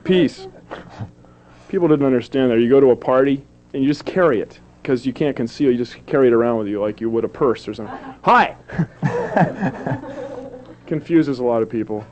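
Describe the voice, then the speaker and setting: Warm-toned and animated, a man's medium-pitched voice moves at a fairly quick clip through a self-mocking TV stand-up routine. He clowns around, switching into silly put-on voices, and the sound is that of a dull, lo-fi old television recording.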